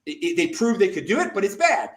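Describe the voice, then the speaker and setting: An American man hosting a casual talk show, rambling excitably with frequent restarts and stammers. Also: high-pitched, quick pace. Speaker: show host.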